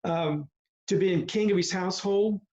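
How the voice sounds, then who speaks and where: A man in his seventies, a retired baseball coach, telling folksy stories in a slow, deliberate way on a video call. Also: high-pitched, a little mellow. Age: 70s. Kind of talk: reflective talk on a video call. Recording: slightly muffled video call audio.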